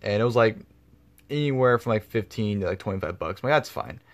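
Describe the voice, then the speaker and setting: A vlogger with a lowish voice tells a story briskly and with animation in a casual vlog, rambling, using plenty of fillers, and swearing freely.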